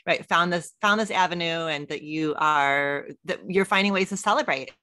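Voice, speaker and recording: A middle-aged woman speaking as a relationship expert guest in an interview, enthusiastic and expressive. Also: fairly low pitch, moderate pace, no room sound, clean studio sound. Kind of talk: conversational interview.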